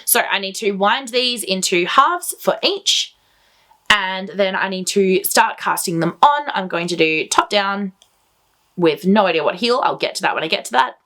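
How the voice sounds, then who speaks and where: Chatty, excitable woman knitting host. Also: mid-range voice, moderate pace. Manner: enthusiastic, chatty, rambling. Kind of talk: casual chat to camera.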